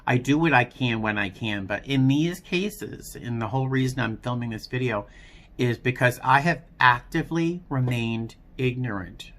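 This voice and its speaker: A man talking earnestly and self-critically in a personal vlog, speaking softly. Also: medium pitch, normal speed. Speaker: vlogger.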